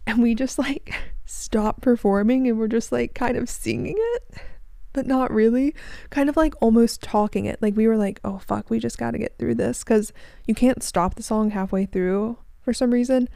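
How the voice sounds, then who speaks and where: A young woman hosting her own show, chatting casually and telling lively, animated stories with frequent swearing. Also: fairly high pitch, moderate pace, no room sound, low-quality recording. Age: young adult. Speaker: podcast host. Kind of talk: casual chat.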